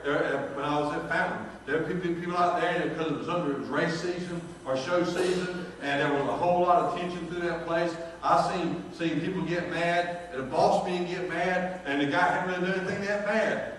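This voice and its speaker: A middle-aged man, preaching a folksy sermon in a storytelling manner and reading scripture slowly. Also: high voice, a little hiss or hum. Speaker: pastor. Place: large church sanctuary. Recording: very echoey church hall from far off.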